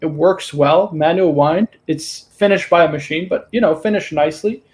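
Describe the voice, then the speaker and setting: Easygoing opinionated man, slightly high. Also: moderate pace, darkish tone. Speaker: co-host. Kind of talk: casual watch-talk livestream.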